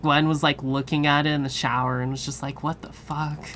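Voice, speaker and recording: A woman streamer chatting casually with her viewers, cursing freely and laughing often. Her voice is deep for a woman. A faint background hum sits under it. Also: level tone, fairly quick, fairly bright tone. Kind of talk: casual live-stream chat.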